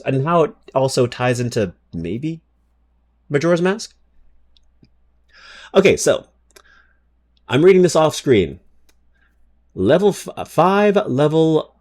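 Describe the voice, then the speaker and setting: A man's voice: on the high side, very animated, unhurried, pauses often, a little mellow. A man streaming live who chats casually with his viewers, swears freely, and reads game card text aloud. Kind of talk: casual livestream chat.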